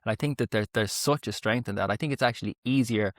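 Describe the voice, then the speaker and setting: Fast-talking man, dry close sound. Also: fairly low pitch, no echo. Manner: open, heartfelt storytelling with swearing. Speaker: podcast host. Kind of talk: emotional podcast conversation.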